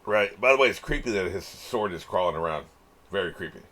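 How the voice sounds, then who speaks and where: An anime reaction channel host with a very low voice talks through an episode while watching, musing aloud in loose commentary. His delivery is a little fast, pushed and bright with lively intonation, and he chuckles and swears casually along the way.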